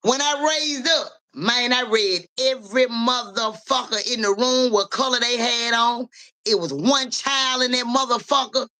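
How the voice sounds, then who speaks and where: A young woman hosts a live stream as a reader, chatting casually and talking straight to her viewers. Her voice sits a little high and rings bright and forceful. She swears freely and keeps the story animated. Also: unhurried.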